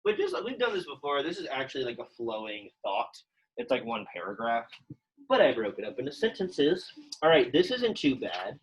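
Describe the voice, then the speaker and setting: A young man leads a Latin lesson in a casual, chatty way. His voice sits at an ordinary middle pitch for a man. He explains grammar loosely, with plenty of fillers. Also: very animated, normal speed, rough recording. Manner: chatty and informal, many fillers like "like" and "um". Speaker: Latin teacher. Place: classroom, also teaching online students.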